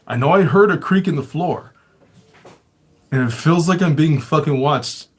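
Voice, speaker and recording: A man's voice: on the high side, normal speed, slightly rough. A man hosting a show, telling his own stories casually, swearing constantly and chuckling often. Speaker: show host. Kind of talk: casual storytelling.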